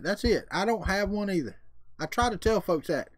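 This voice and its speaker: A man with a high-pitched, expressive voice and a Southern US accent hosts a casual livestream, chatting with viewers in a folksy, drawling, jokey way. He talks at normal speed, and the audio is clean studio sound with no echo.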